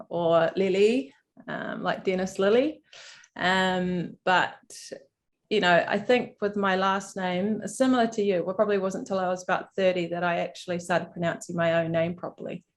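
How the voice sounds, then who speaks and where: A woman cricket player talking casually on a video call panel, relaxed, with frequent fillers and restarts. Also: on the low side.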